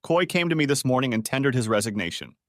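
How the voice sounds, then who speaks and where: A man's voice: medium pitch, animated, quick pace, a bit bright, no echo, clean studio sound, lightly acted. A man voicing a domineering, furious middle-aged father who roars and demands answers, in an audiobook story. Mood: grim. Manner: roaring and demanding.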